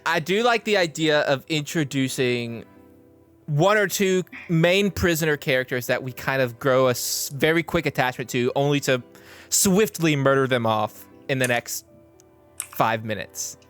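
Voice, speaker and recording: A man's voice: medium pitch, fairly bright tone, clean tone, faint music behind. A young man co-hosting a screenwriting podcast, chatting casually, rambling and laughing at his own jokes. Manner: joking, rambling, quick to laugh. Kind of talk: casual chat.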